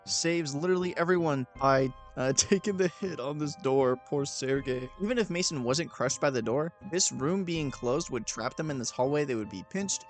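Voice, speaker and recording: A young man narrates gameplay commentary over a close mic in a slightly high voice. He is sarcastic and deadpan, and soft game music plays underneath him. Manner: sarcastic, deadpan, talks in fake medical bills.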